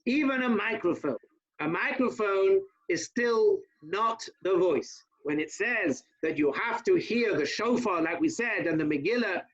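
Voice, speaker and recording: A man, a rabbi, teaching an informal class over a video call, talking fast with chatty asides to his listeners. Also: sits high, fairly bright tone, slightly rough, muffled recording.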